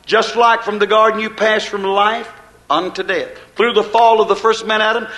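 A man preaching a sermon, repeating phrases in a rhythmic build and swelling to loud emphasis. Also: high voice.

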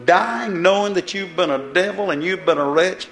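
A man's voice: high-pitched, normal speed, gravelly, a bit bright, roomy sound, faint music behind. A man preaching a fiery sermon, pleading and throwing rhetorical questions at the congregation.

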